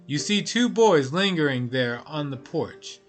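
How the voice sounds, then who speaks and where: A man's voice: fairly high pitch, animated, a little slow, faint music behind. A man streaming a story game, reading the narration aloud with offhand asides.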